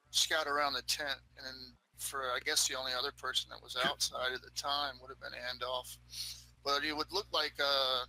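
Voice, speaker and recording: A man's voice: medium pitch, pushed and bright, low-quality recording. A man playing a tabletop role-playing game, casually describing what his character does. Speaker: player. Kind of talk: tabletop role-play narration.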